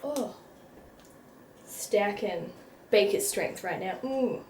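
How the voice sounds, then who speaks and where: A young woman with a fairly high voice chats casually in her bedroom, recorded on the camera's own mic. She is bubbly and giggly, often stumbling over words and laughing at her own slips. Her tone stays light and self-deprecating throughout. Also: measured pace, a little hiss or hum. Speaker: book vlogger. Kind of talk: casual vlog chat.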